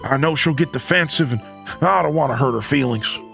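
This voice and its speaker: A man's voice: mid-range voice, fairly quick, vocal fry, a bit bright, faint music behind. A man voicing a worried middle-aged male barkeeper who frets and pleads in a video game. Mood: fretful.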